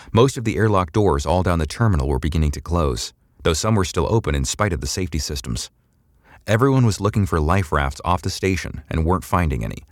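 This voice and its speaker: An audiobook narrator with an extremely deep male voice reads a sci-fi serial in a steady, measured manner. The scripted narration is recorded dry and close, with no room sound at all.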